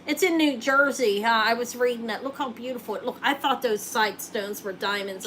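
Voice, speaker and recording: A woman's voice: a little high, normal speed, a bit bright, a little hiss or hum, rough recording. A woman hosting a live jewelry sale, chatting casually and joking while she shows rings.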